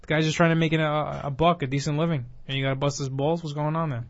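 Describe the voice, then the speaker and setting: A man with a high voice hosts a loose chat, eagerly jumping in with jokes and questions. The sound is dull and lo-fi. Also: level tone, fast talker. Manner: joking, eager interjections, laughs often. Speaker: host. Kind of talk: casual chat.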